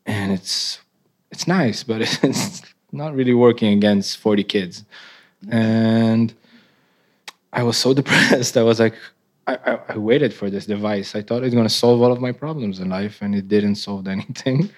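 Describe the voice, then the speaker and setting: Laughing low-voiced man, halting English. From Israel. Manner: halting, laughs often, non-native English phrasing. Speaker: interviewed artist. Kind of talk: casual onstage conversation.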